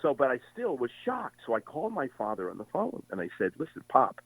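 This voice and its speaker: A man in his sixties, a veteran sports broadcaster, telling animated stories as a guest in an interview. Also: medium pitch, quick pace, creaky, breathy edge, no room sound. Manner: animated storyteller with many voices. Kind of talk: storytelling interview. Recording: tinny phone line.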